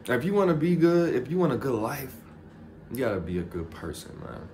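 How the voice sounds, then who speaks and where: A man vlogging a casual motivational monologue, animated and jokey, swearing freely and poking fun at himself. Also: medium pitch, brisk, a little hiss or hum.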